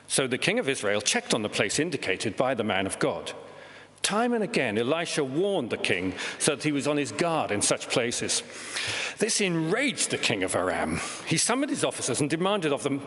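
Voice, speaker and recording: A man's voice: medium pitch, sing-song, normal speed, a bit bright, long reverb tail. A man reading a Bible passage aloud and expressively in a large church. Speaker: scripture reader.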